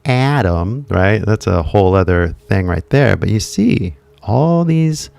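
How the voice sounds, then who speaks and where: Slow-talking man with a low voice. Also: big pitch swings, creaky, darkish tone, no room sound. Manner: slow, deliberate, with self-corrections. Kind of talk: slow casual explanation.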